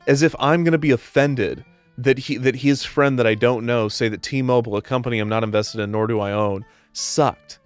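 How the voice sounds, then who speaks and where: A man's voice: medium pitch, moderate pace, clean tone, no echo, soft background music. A man hosting a comedic commentary show, ranting in an exasperated, sarcastic way.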